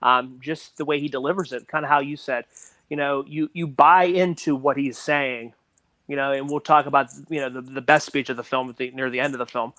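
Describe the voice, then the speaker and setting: A man's voice: mid-range voice, fairly even intonation, brisk, sharp tone, no room sound. A man co-hosting a casual podcast, reflecting on a film with many restarts and "you know what I mean". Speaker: podcast co-host. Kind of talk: casual movie discussion.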